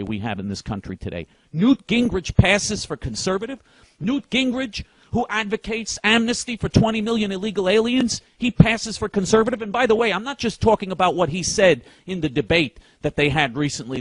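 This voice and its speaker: This political commentator's high voice comes through with no echo as he rants heatedly and with indignation. He stumbles over repeated words yet presses on emphatically.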